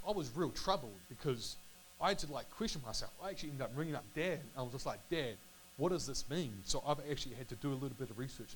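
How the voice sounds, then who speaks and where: A man's voice: medium pitch, low-quality recording. A man casually reading and reflecting on Bible passages, stumbling over words and correcting himself as he goes. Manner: halting, self-correcting, apologetic. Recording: faint electrical hum and hiss.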